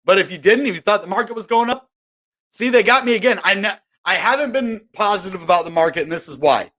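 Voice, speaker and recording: A man talking through the crypto market in a loose, rambling way, restarting sentences and sounding fed up. His voice sits a bit high for a man. It has a bright, forceful tone. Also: animated, fast. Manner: rambling, exasperated, self-interrupting. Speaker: crypto video host. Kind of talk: casual market commentary.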